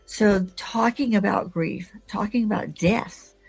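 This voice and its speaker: A woman with a mid-range voice hosts an interview podcast. She keeps affirming her guest with quick murmurs of agreement and speaks with enthusiasm. Faint music sits underneath her. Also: medium pitch, creaky, slightly rough. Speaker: podcast host.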